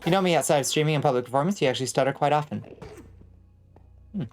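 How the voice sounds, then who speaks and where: A Georgia woman with a Southern accent chats casually with her stream chat while gaming, in a low, darkish voice at a very fast pace with faint music behind her. She's a chatty vtuber streamer who answers chat out loud and plays around with pronunciations.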